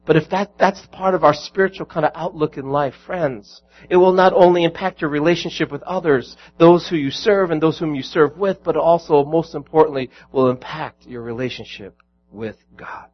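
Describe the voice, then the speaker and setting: A man's voice: fairly high pitch, moderate pace, dull audio. A man preaching a sermon as pastor, earnest and building to emphatic peaks.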